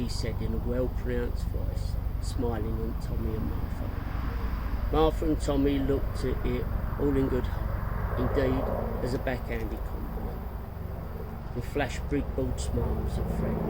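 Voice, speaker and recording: A man reading a story aloud as narrator, slow and even. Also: mid-range voice, very noisy.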